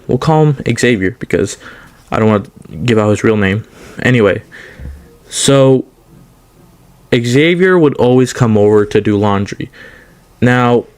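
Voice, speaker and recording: A young man telling a casual storytime on his channel, rambling with many restarts and fillers. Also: fairly low pitch. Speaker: storytime YouTuber.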